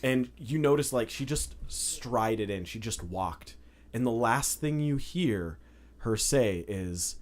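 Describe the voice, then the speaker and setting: A young man acts as game master, narrating loosely and casually at a slow pace in a medium-pitched, animated voice. His descriptions are full of fillers, especially lots of "like."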